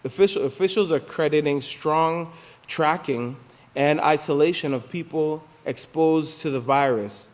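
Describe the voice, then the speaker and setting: Slow-talking man teaching in a reverberant hall. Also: on the high side, a little mellow. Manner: halting, stops to repeat and explain, many fillers. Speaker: class teacher. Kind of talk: reading and explaining news in a religious class. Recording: reverberant hall, voice at times off-mic.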